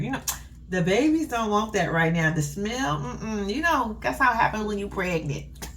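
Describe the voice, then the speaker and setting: A woman's voice: mid-range voice, big pitch swings, normal speed, a bit bright, slight background noise. A young woman, giving a blunt, sassy, profane casual recap with laughing asides. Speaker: reality TV recap host.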